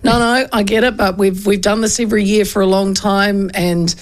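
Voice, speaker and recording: A middle-aged New Zealand woman hosting a radio show, telling a story in a chatty, animated way with frequent laughs. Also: mid-range voice, normal speed. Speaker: radio host. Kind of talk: casual storytelling chat.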